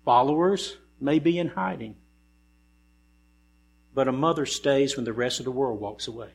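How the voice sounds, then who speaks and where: A man preaching a sermon in a church, moving from relaxed storytelling to emphatic rhetorical questions. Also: medium pitch, normal speed, vocal fry, breathy edge. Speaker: pastor. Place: church sanctuary. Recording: mains hum behind the voice.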